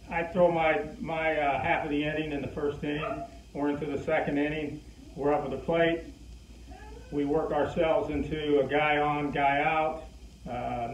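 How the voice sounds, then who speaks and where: An older man, a former pitcher, telling a long casual story and acting out the people he quotes. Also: slight background noise. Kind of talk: casual anecdote. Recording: roomy, distant, muffled.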